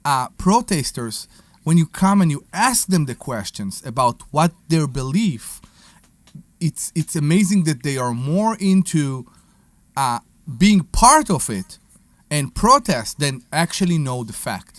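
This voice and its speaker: Lively, higher-voiced radio co-host. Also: male voice, unhurried, no room sound. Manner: excitable, hesitant, playful. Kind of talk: casual radio talk show banter.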